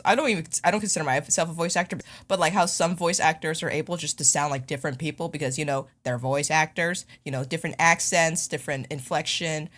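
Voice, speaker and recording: A woman co-hosting a podcast, chatting casually with a smooth voice often called made for radio, self-mocking and quick to laugh. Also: low-pitched, fairly bright tone. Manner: smooth voice people call radio-ready. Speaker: podcast co-host. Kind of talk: casual chat.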